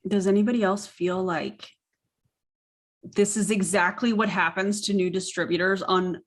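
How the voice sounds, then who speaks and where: A woman's voice: medium pitch, fairly even intonation, moderate pace. A woman hosting casual reaction commentary, skeptical and sarcastic in her asides. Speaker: commentary host.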